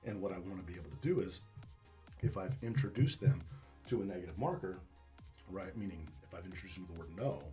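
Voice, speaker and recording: A man who trains dogs, explaining them in a casual interview and acting out owners and dogs in lively, salty asides. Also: deep voice, fast, soft background music. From Northwest Arkansas. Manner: animated storytelling, acts out dog and owner with swearing. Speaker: dog trainer.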